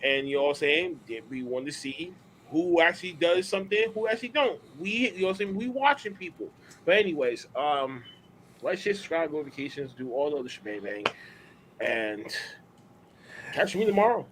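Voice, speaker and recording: Animated man with a lively, slangy delivery. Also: on the high side, brisk, slight background noise, poor audio. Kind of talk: casual podcast banter.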